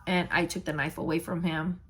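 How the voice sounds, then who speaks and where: A woman's voice: lowish voice, flat delivery, a little fast, a bit bright, slightly rough. A young woman vlogger candidly retelling a painful personal story, blunt and emotional.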